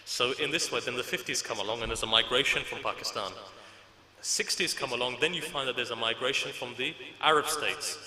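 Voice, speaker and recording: A man's voice: medium pitch, fairly quick, sharp tone. A man giving a religious lecture to an audience, telling anecdotes in a conversational, humorous way. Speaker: Islamic lecturer. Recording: echoey hall reverb.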